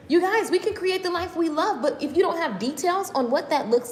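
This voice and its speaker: A high-voiced woman fires off an energetic motivational rant on a live stream, emphatic and slangy, talking too fast and repeating herself to stress each point. She is recorded by phone in her home kitchen, where hard surfaces create a long, echoing ring, along with a little hiss or hum.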